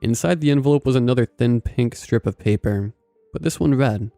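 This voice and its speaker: A man narrating a scripted first-person story in a measured, even way. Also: medium pitch, gravelly, no echo, soft background music.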